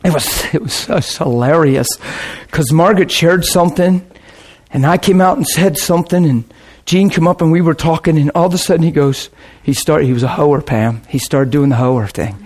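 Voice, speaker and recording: A man preaching as a pastor, telling a story casually with lively swings between low asides and excited high bursts. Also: moderate pace, breathy edge. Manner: casual, rambling, with restarts and laughter. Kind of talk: sermon storytelling.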